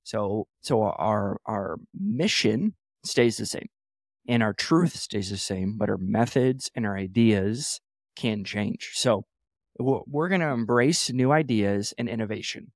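A man's voice: on the low side, expressive, slow pace, no echo, clean studio sound. A man hosting a church leadership podcast, teaching in an emphatic motivational way, repeating phrases and correcting himself as he goes.

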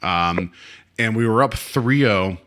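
A man's voice: fairly low pitch, slow pace, a bit bright. A man co-hosting a podcast, tipsy from drinking, rambling through a story with lots of fillers and self-corrections. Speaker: podcast co-host. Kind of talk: casual chat.

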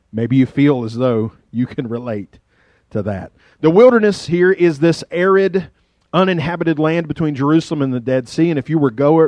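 A middle-aged man with a rural southwest Virginia accent, preaching a folksy, joking sermon that swings between loud and hushed. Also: on the high side, dry recording. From Virginia, USA. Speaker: pastor.

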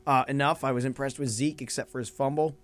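A man co-hosting a casual sports podcast. He banters playfully and often pauses on fillers as he thinks. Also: mid-range voice. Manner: animated, playful, halting with fillers. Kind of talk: casual sports picks chat.

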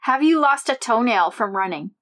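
A woman co-hosting a running podcast with a fairly high voice. She keeps the chat upbeat and laughs easily as she fires off quick questions. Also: animated, fairly bright tone. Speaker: podcast co-host. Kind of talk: casual interview chat.

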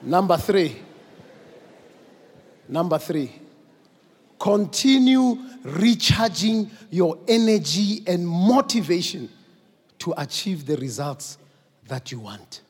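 A man preaching a sermon, moving from quiet, slow teaching up to shouted exhortation. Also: high voice, sing-song, husky. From South Africa. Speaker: pastor. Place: large church hall. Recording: long church hall reverb.

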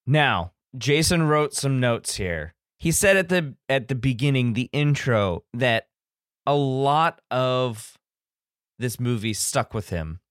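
A male podcast host speaks slowly, his pitch swinging up and down. He jokes and restarts his sentences in a dry, close recording. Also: animated, a bit bright, no echo. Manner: joking, hesitant, with restarts. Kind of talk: casual podcast chat.

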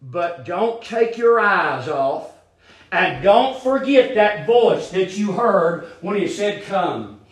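A man's voice: high voice, expressive, slow. A man preaching a sermon, emphatic and repetitive, building in intensity.

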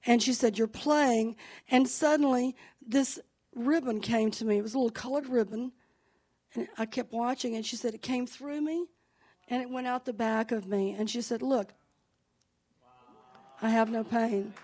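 A woman's voice: a little high, steady tone, normal speed, pauses often. Woman pastor telling a church story. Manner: warm storytelling, quoting others, enthusiastic. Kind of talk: church testimony and sermon.

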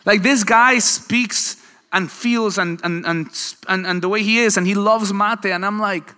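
Animated and conversational, this male preacher trades quick back-and-forth lines with his congregation during a sermon. He speaks in a bright, forceful voice that sits slightly high. A large church hall lends the recording a long reverb.

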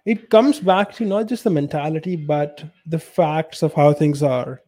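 A man talks bluntly on a casual podcast, and his voice sits a little high. The tone is soft and mellow rather than bright. He gives his opinions without softening them. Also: measured pace. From India. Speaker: podcast co-host. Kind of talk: casual chat.

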